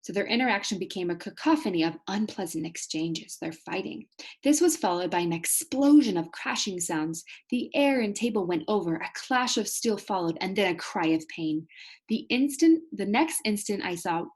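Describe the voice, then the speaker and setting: A woman teacher reading a story aloud to students, pausing to explain hard words. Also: mid-range voice, lively intonation, slightly rough.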